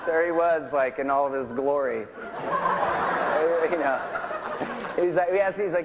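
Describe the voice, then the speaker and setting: A man's voice: fairly high pitch, expressive, unhurried, long pauses. A man who plays in a touring rock band, telling a rambling anecdote in an interview, laughing often and acting out the voices of the people in his story. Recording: interview clips with clear background noise.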